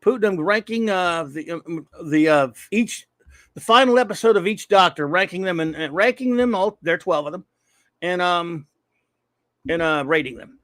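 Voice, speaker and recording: Guy hosting a livestream, loud and upbeat, a bit high, gravelly, dry sound. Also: no echo. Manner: energetic, loud shout-outs to viewers. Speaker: livestream host. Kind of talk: casual livestream chat.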